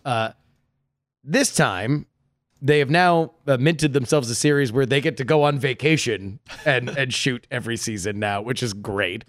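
A man's voice: mid-range voice, a little slow, dry recording, studio quality. A man co-hosting a podcast, chatting casually with playful banter and enthusiastic recommendations. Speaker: podcast co-host. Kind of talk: casual comedic chat.

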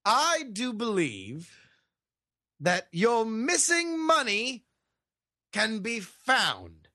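A man acting as pompous detective, put-on British accent, formal wordy speech, lively sing-song pitch, dry close sound. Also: no room sound, exaggerated voice. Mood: grandly certain. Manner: formal, long-winded, halting with many "uh"s. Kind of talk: improvised comedy role-play.

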